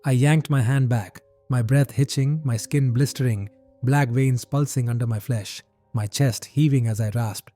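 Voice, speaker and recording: A man's voice: medium pitch, moderate pace, mellow, no room sound, soft background music. A man narrating a first-person horror story in tense, clipped phrases.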